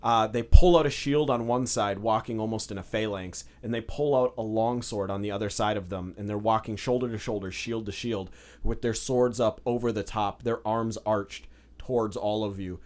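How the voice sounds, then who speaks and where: A man's voice: fairly low pitch, steady tone, moderate pace, darkish tone. A man running a tabletop game as dungeon master, narrating casually with lots of fillers.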